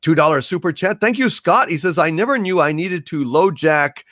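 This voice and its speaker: A man co-hosting a casual livestream, reading out viewer super chats with lively, swearing banter. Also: a little high, normal speed, no room sound, clean studio sound. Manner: animated, swearing, laughs often.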